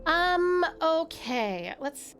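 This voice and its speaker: An Australian woman streams casually, bubbly and talkative, greeting viewers with sweet nicknames as faint game music plays behind her. Her very high voice is sing-song and fairly bright, delivered extremely slowly.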